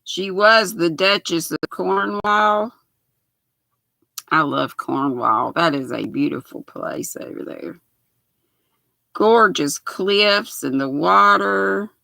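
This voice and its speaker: An older woman in her sixties with a raspy voice and a Southern US accent, chatting casually on a knitting livestream and reading viewer comments aloud in a folksy way. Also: on the low side, lively intonation, slow, bright, forceful tone, no echo. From United States. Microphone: built-in laptop mic.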